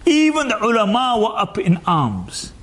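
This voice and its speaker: A man's voice: high-pitched, wildly swooping pitch, a bit bright. A man giving a sermon, asking the listeners rhetorical questions and weaving in Arabic phrases, stretching out his words for emphasis. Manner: drawn-out emphatic delivery. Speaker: preacher.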